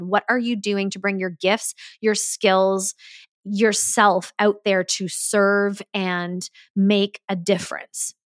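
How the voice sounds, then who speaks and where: A woman's voice: medium pitch, fairly even intonation, a little slow, no echo, clean studio sound. A woman hosting a solo podcast as a business mentor, talking in an earnest, emphatic way. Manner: earnest, emphatic, acts out quoted dialogue.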